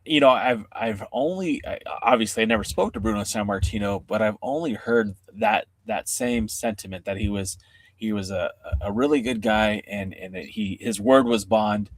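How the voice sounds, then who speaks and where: A man's voice: on the low side, normal speed, no echo. A man hosting a casual interview, agreeing often and reflecting on what the guest said. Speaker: interview host.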